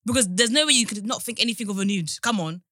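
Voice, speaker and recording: A woman's voice: medium pitch, fast talker, fairly bright tone, no echo. Laid-back young woman chatting on a podcast, dry close mic. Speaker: podcast co-host. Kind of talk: casual chat.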